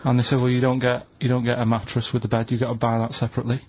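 A man, a regular on a radio show, telling a story in a dry, deadpan way in casual banter. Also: mid-range voice, very fast, dull audio, a little hiss or hum.

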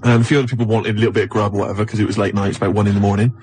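A man's voice: fairly low pitch, little pitch movement, very fast, a little mellow, slight background noise. A man telling a rambling comic anecdote, who repeats himself and keeps asking "right?". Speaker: guest storyteller.

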